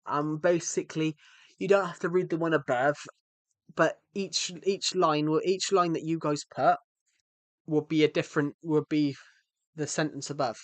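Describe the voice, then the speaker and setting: A chatty young man with a British accent who rambles to his stream chat and corrects himself as he goes. His voice sits slightly high and sounds dry and close to the mic. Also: fairly even intonation, moderate pace, no echo. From United Kingdom. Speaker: game streamer. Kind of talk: casual live-stream chat.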